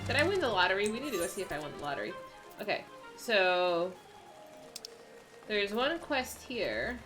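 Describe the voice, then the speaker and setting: A woman's voice: mid-range voice, very animated, normal speed. A woman streaming a game, chatty and amused, thinking aloud as she plays. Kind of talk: casual game-stream commentary. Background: game music.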